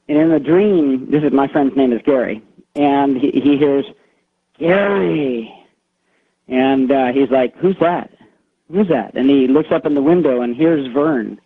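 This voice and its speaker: A man calling in to a radio show, telling a secondhand eerie story in a rambling way with lots of fillers. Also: mid-range voice. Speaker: caller. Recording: tinny phone line on radio.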